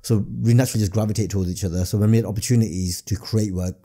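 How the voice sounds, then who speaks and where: A man, a guest comedian telling stories in a casual podcast chat, his pitch jumping up on emphasis. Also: fairly even intonation, very fast, dark tone. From northern England.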